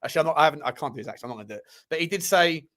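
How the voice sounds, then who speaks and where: A man hosting a live football chat show, talking in a lively, rambling way with many fillers. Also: on the high side. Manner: animated, quick, many fillers and restarts. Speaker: host.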